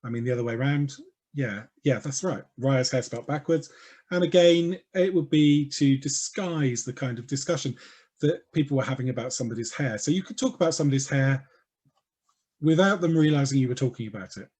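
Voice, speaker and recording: A man giving an educational talk, explaining in a lively, playful way with quick asides. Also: mid-range voice, husky. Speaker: speaker on language history.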